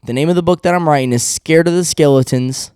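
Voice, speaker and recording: A man's voice: fairly high pitch, fast, darkish tone, clean tone, dry recording, studio quality. A man hosting a podcast solo, ranting bluntly and rambling, swearing constantly and laughing at his own remarks. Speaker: podcast host. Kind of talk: profane solo podcast rant.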